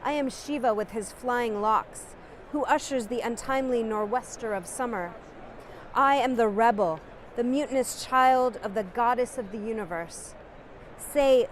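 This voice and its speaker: A woman's voice: fairly high pitch, a little slow, a little hiss or hum. A woman giving a dramatic, impassioned poetry recitation. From United States. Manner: declamatory and impassioned.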